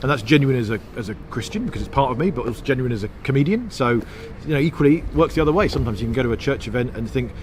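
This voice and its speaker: A man from England, a comedian and comedy writer, chatting casually in an interview. He rambles on in long stretches, restarting his sentences and poking fun at himself, at an average pitch. A faint hiss of noise sits under his voice. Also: expressive, very fast, few pauses. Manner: rambling, self-deprecating, talks in long runs with restarts.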